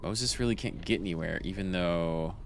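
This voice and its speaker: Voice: deep voice, moderate pace. A VTuber streamer giving casual gameplay commentary, thinking aloud and swearing freely. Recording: noisy game sound behind.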